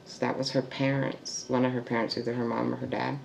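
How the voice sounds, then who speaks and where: A man with a gravelly, creaky voice recounts a family story in a halting, searching way. He restarts sentences often and sometimes sinks into a hush. He is recorded in an echoey room with a faint noise underneath. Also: mid-range voice, little pitch movement. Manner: halting, with restarts and trailing fillers. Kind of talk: oral history storytelling.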